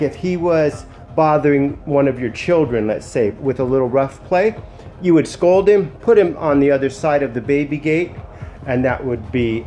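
A man with a mellow, warm voice speaks indoors at home while training a dog. He murmurs soothing praise and gives crisp, short commands, then explains his methods in a relaxed, casual way. Faint music plays underneath. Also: medium pitch.

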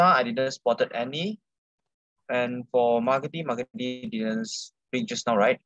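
A man's voice: mid-range voice, muffled recording. A man giving a grammarian report at a speaking club meeting in a matter-of-fact way.

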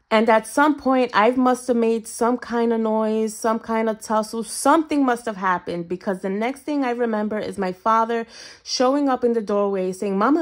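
A young adult woman tells a personal story to her viewers in a casual vlog. Her delivery is expressive and animated, and she keeps turning to the audience with a friendly "you guys". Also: a little high. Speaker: budgeting vlogger.

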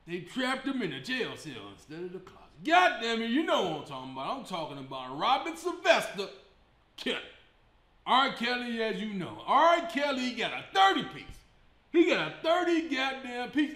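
High, bright-voiced comedian in an echoey room. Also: male voice, moderate pace. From Chicago, USA. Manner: animated, profane, laughing often. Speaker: comedy show host and stand-up comedian. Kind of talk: casual comedic monologue.

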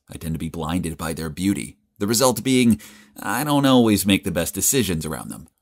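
A man narrating a first-person animated story in a casual, cocky way. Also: low voice.

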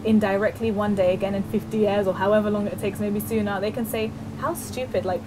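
A woman's voice: mid-range voice, level tone, fast talker, background noise. A young woman as an interview guest, speaking earnestly in casual chat with many "like" fillers.

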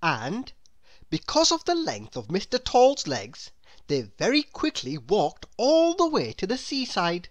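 A woman reading a children's picture book aloud in a slow, expressive, sing-song storytelling voice. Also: mid-range voice, no echo. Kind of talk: children's read-aloud narration.

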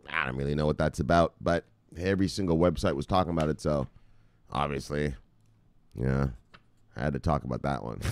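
A man hosting a crypto news show, talking in an excited, casual way, shouting catchphrases, laughing and swearing. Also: rumbling low, smooth, no room sound. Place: home near the beach.

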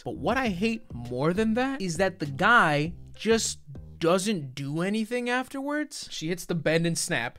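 A young man doing a crude, sarcastic comedic movie review voice-over, jumping into loud mock outbursts. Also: high-pitched, dry recording.

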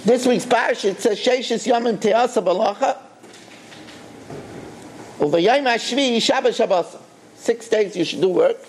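A rabbi telling a story in a sermon, with an animated, emphatic delivery and swooping pitch. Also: male voice, normal speed, long pauses, a little hiss or hum.

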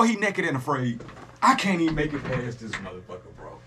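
Animated man joking through a reaction. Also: mid-range voice, moderate pace, noisy background. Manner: animated, joking, profane, talks to his audience. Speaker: reaction video host. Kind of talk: casual reaction commentary.

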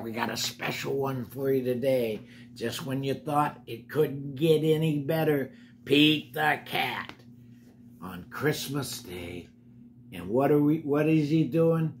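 A man's voice: fairly high pitch, slight background noise. An older man reading a picture book aloud to children, breaking off for chatty asides to the kids. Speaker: storybook reader.

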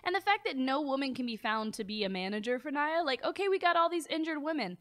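A woman co-hosting a wrestling talk show in casual chat, opinionated and quick to laugh. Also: high voice, expressive, a bit bright. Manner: opinionated, chatty, laughs easily.

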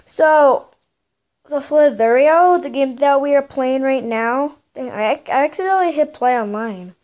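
A woman giving excitable gameplay commentary as a gaming YouTuber, full of gasps, exclamations and playful sing-song bits. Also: sits high, unhurried, dull audio.

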